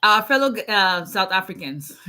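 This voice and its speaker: Bright-voiced woman chatting live. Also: medium pitch, animated, measured pace. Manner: chatty and playful, laughs often, greets viewers by name. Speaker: immigration attorney. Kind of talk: casual livestream chat with viewers.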